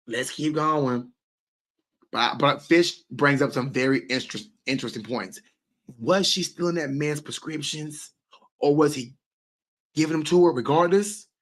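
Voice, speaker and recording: At normal speed, a man with a fairly high pitch and a fairly bright tone runs a relaxed livestream and answers viewer comments. He swears freely and keeps repeating himself with emphasis.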